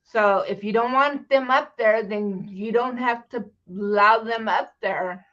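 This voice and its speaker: A woman's voice: fairly high pitch, measured pace, a bit bright. A woman joining a livestream panel as a fellow streamer, giving short agreeable replies in casual chat. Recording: dull lo-fi call audio.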